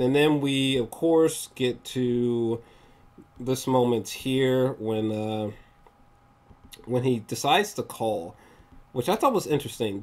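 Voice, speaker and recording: A man giving a casual, rambling movie review, swearing often and acting out scenes in raised voices. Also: mid-range voice. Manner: rambling, swears often, searches for pictures mid-talk.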